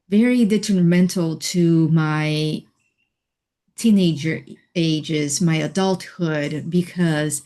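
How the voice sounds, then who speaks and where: Slow, reflective woman on a video call. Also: fairly low pitch. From Hawaii. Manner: slow, thoughtful, with soft laughs and fillers. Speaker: interview guest, healer and life coach. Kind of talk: reflective personal storytelling.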